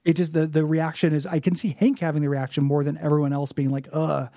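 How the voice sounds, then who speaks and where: A man on a podcast, casually recapping a cartoon episode, halting with restarts and blunt, profane remarks. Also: on the high side, little pitch movement, dark tone, no room sound, studio quality. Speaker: podcast co-host.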